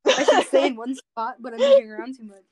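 A woman's voice: sits high, sing-song, quick pace, a little mellow, husky, no room sound. A young woman co-hosting a casual chat, laid-back, answering briefly and laughing easily. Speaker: podcast co-host.

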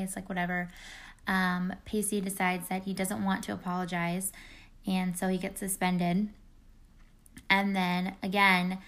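A woman in her thirties talks through a TV episode recap in a casual, rambling way, full of "um" and "like". Her voice sits fairly low and stays quite flat. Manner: rambling, many fillers and likes. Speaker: recap vlogger.

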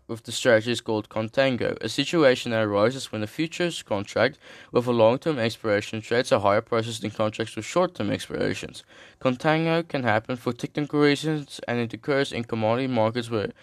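This streamer, a young man with an ordinary mid-pitched voice, works briskly through an article, cracking jokey asides in slang and tripping over tricky terms. The recording is dry and close, and the feel is casual reading with commentary.

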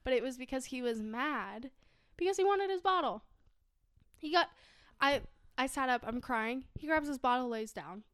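A woman's voice: sits high, animated, moderate pace, fairly bright tone, smooth, no room sound, studio quality. A young adult woman co-hosting a casual podcast, telling stories in a chatty way and laughing often. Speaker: podcast co-host. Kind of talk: casual chat.

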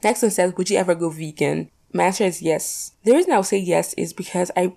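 A young woman talks casually to her camera, working through poll questions in a rambling, filler-heavy way with the odd swear word. Her voice sits a little low, with a mellow, darker tone and plenty of gravelly fry. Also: a little fast. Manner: chatty, rambling, lots of "like" and "you know", swears casually. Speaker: vlogger.

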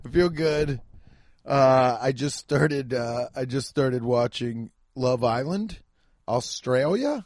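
A man's voice: mid-range voice, expressive, slow pace, a little mellow, no echo, studio quality. A man who is a stand-up comedian, chatting casually and self-deprecatingly on his podcast from home. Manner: rambling, jokey, self-deprecating.

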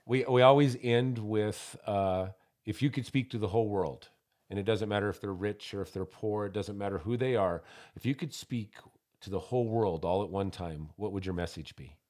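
A man's voice: on the low side, normal speed, darkish tone. A man hosting a podcast, affirming his guest and chatting casually. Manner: affirming, friendly asides. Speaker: podcast host.

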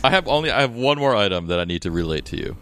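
Deep-voiced man with very lively pitch. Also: racing. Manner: hesitant, thinks aloud with fillers. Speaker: podcast co-host. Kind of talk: casual chat.

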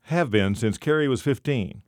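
A man reading the lines of a reserved, soft-spoken divorced woman in her forties, in a dry close recording. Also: medium pitch, animated, normal speed, no room sound, pitched above the performer's own voice, natural voice.

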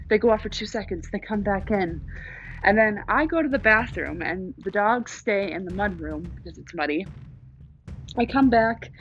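A woman's voice: medium pitch, highs cut off, a little hiss or hum. A young woman ranting to camera, angry, sarcastic and swearing, while in pain from cramps.

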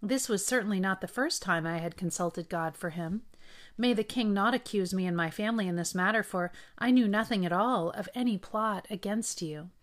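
A woman's voice: mid-range voice, normal speed, natural voice. Pleading loyal priest, read by a woman.

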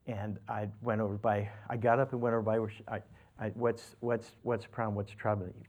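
A man's voice: medium pitch, steady tone, normal speed, darkish tone. Folksy older man preaching a story. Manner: folksy, rambling storyteller with many restarts and fillers. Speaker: pastor. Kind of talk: sermon with a personal story.

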